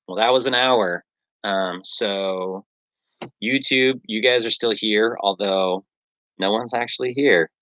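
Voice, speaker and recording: Low-voiced man rambling on a livestream. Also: slow pace, fairly bright tone, no echo. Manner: rambling, self-mocking, many fillers. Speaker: livestreaming artist.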